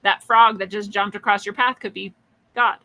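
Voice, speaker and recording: A woman's voice: medium pitch, fairly even intonation, moderate pace, sharp tone, poor audio. A woman hosting a podcast, musing through a spiritual story in a chatty way, with frequent laughs and restarts. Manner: acts out quoted voices. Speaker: podcast host.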